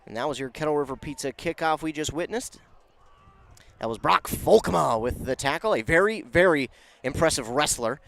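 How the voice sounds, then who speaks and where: A man calling a local high school football game, chatty and self-correcting, rising in pitch and volume on big plays. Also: expressive, normal speed, gravelly, fairly bright tone, a little hiss or hum. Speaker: play-by-play announcer. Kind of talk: local football play-by-play commentary.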